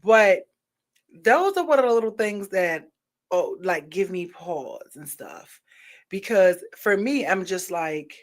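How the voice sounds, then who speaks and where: A woman's voice: mid-range voice, expressive, slow. A woman vlogger giving her frank opinions in a casual monologue, rambling with lots of fillers and restarts.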